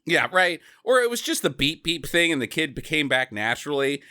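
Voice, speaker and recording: High, animated man riffing on a movie. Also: moderate pace, clean tone, no room sound, studio quality. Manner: animated, sarcastic, bursts of laughter. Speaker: podcast co-host. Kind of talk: casual movie-review banter.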